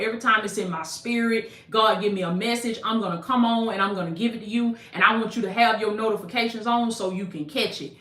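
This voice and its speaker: A woman's voice: on the high side, fairly bright tone, echoey room. A woman with a Southern US accent, preaching prophetic declarations to her viewers, repeating lines and calling them baby. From American South. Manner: repetitive, calls listeners baby, decrees in Jesus' name. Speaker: motivational preacher and coach. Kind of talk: prophetic declarations and livestream pitch.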